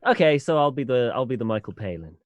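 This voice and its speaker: A man's voice: mid-range voice, expressive, fast, no echo, phone-quality sound. A tired man, a tabletop game player chatting casually and rambling a little. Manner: self-deprecating, rambling with restarts.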